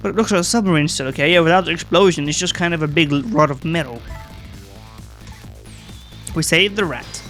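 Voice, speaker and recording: A man's voice: on the high side, a little fast, pauses often, fairly bright tone, faint music behind. A man casually commenting while playing a video game, reading the game's text aloud and swearing offhandedly.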